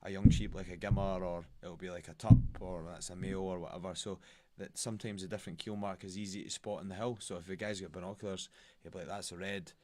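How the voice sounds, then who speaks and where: A man's voice: deep voice, fairly even intonation, fast talker, few pauses, warm tone. A young Scottish man, a fighter, chatting casually as a podcast guest and telling rambling stories in broad colloquial speech. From Scotland.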